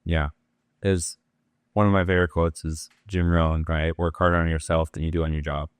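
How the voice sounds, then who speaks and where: A man hosting an interview, talking in a relaxed, reflective way and asking open questions. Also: low voice, normal speed, clean tone, no room sound. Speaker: host. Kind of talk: casual interview talk.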